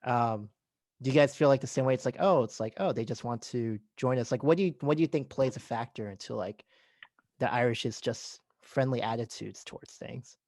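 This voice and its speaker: A man hosting a relaxed podcast chat, his voice sitting at an everyday middle pitch. He rambles through his questions with constant "like"s and perks up when he acts out stories. The recording is dry and close, with no room sound. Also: a little fast, no room sound. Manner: rambling, heavy use of "like", animated when retelling. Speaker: podcast host. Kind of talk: casual interview chat.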